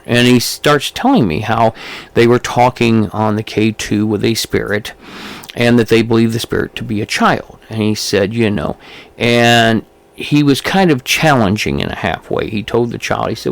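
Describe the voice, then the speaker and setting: A man's voice: medium pitch, moderate pace, creaky. A man co-hosting a paranormal podcast, telling a long anecdote in a loose, rambling way full of fillers. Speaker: podcast co-host, paranormal investigator. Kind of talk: casual storytelling chat.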